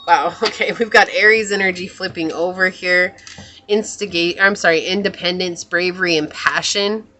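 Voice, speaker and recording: Bright-voiced woman reading tarot. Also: fairly low pitch, slight background noise. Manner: musing, soft-spoken, often trails off and corrects herself. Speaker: tarot reader. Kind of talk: pick-a-card tarot reading.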